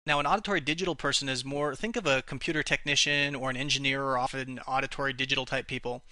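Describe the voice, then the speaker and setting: A man's voice: mid-range voice, fairly even intonation, quick pace, sharp tone, no echo. A man teaching a lesson on how to speak to different kinds of buyers, explaining and acting out example phrases, with some restarts. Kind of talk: spoken lesson on communication styles.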